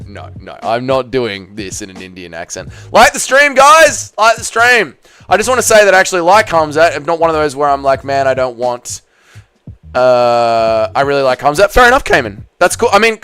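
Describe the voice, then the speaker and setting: A young man chatting casually on a live stream with a smooth, clear voice, swearing freely as he banters with viewers. Faint music plays softly behind him. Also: mid-range voice. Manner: casual, profane, banter with chat. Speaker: streamer hosting a watch party. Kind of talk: casual live-stream chat reading comments.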